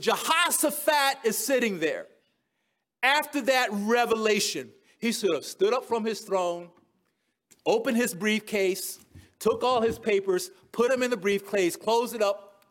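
A man with a notably high voice delivers a sermon, walking his listeners through a scripture passage verse by verse. He retells the story in casual, modern words and laughs along at his own humor. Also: a bit bright. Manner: chuckles at his own jokes. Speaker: preacher. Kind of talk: expository sermon.

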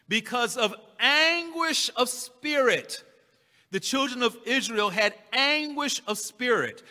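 A man preaching in a church sanctuary, his voice high and strikingly bright. He preaches with emphasis and slips into the voices of the scripture figures. Long reverb hangs behind every word. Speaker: pastor. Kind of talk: sermon.

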